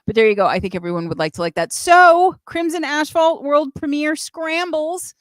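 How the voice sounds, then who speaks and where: Woman host of a live show, gushing and profane, a bit high-pitched, dry sound. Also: expressive, moderate pace, no echo. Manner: enthusiastic, swears freely, reads chat comments. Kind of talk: casual live show chat.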